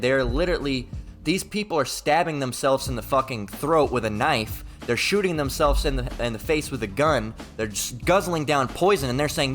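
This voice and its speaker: A man's voice: mid-range voice, expressive, a little fast, fairly bright tone, faint music behind. A man preaching an informal monologue, emphatic and profane, repeating himself and mimicking his opponents in quoted voices.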